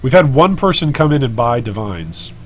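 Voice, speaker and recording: A man's voice: mid-range voice, sing-song, moderate pace, faint music behind. A man hosting a casual live stream while trading, joking about himself and chatting with viewers. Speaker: gaming streamer and guild leader.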